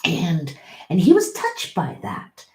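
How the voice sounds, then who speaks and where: A middle-aged woman reads tarot cards in an unhurried, chatty way, coaxing and encouraging her listener. Her voice sits low and mellow, and she now and then bursts out with excitement. The sound carries a roomy echo. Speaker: tarot reader. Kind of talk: casual tarot reading to camera.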